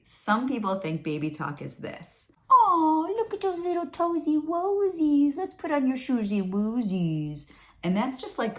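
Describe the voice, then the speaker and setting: Friendly speech educator, female, lower register, casual and encouraging tone to camera. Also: darkish tone. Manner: upbeat, chatty and reassuring; mixes questions and asides. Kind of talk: talking-head parenting lesson.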